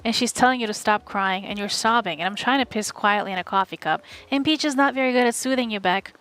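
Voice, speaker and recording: A woman from the USA streaming a live audiobook reading, narrating in a steady, wry first person. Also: fairly high pitch, fast.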